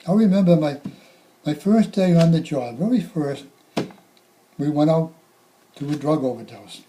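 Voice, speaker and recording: An older man, a retired firefighter slowly recounting sad calls, halting and repeating himself. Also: a little high, mellow, poor audio. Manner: halting, reflective, repeats words. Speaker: retired firefighter telling stories. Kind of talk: spoken reminiscence.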